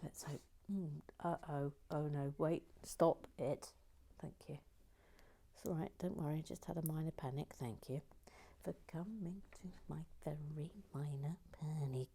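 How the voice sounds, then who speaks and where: Woman rambling on while she builds, self-mocking, slips into whispers, lowish voice. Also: unhurried, vocal fry, mellow, slightly rough. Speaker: host. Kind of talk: casual chat while building a model kit.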